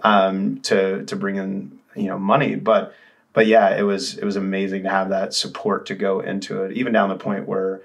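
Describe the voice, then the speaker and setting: A man's voice: low-pitched, monotone, normal speed, vocal fry. A man in his thirties, a musician guest, telling his story candidly in a casual interview, rambling with restarts.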